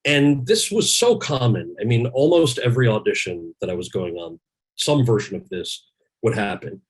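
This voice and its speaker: A man's voice: fairly low pitch, normal speed, husky, rough recording. A man in his forties, a guest actor, telling candid stories with lots of restarts over a video call. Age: 40s. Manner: candid, animated anecdotes with many restarts. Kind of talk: storytelling in a conversation.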